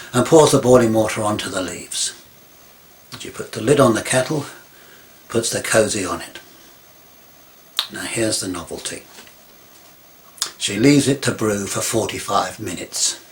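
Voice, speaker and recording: Rambling pompous man storyteller. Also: medium pitch. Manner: rambling, pompous, self-important. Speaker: comic character monologue. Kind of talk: deadpan comic storytelling.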